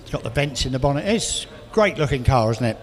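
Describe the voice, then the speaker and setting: A man working as an auctioneer, calling bids quickly and adding chatty asides about each car. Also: mid-range voice, lively intonation. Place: auction hall, indoors. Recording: reverberant hall with faint noise.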